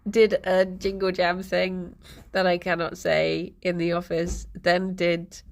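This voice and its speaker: Husky-voiced woman, slow gravelly chat. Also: on the low side, little pitch movement. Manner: chatty, giggly, coos at her pets. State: husky voice from a late night. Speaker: streamer. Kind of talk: casual chat with chat.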